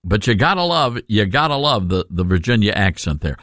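A middle-aged man with a Tennessee Southern accent hosting a call-in radio talk show, chatty and upbeat and quick to laugh. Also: fairly low pitch, big pitch swings, a bit bright, no echo, studio quality.

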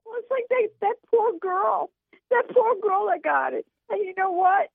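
A woman caller on a radio show, crying and talking in halting, broken phrases. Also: extremely high pitch, lively intonation, gravelly, no room sound. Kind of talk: emotional call-in. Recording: phone line.

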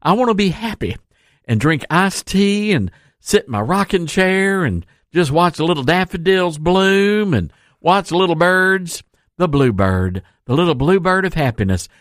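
A man's voice: high-pitched, sing-song, a little slow, a bit bright, no echo, clean studio sound, heavily acted. A man mimicking a furious, folksy middle-aged man in a blustery, overdone parody. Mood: mock-sweet. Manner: blustery, exaggerated mock outrage.

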